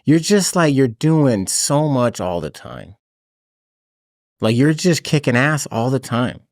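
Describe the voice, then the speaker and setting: A man's voice: mid-range voice, lively intonation, slow, darkish tone, no echo, studio quality. A man hosting a podcast, chatting in a laid-back way and laughing often. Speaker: podcast host. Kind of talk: casual chat.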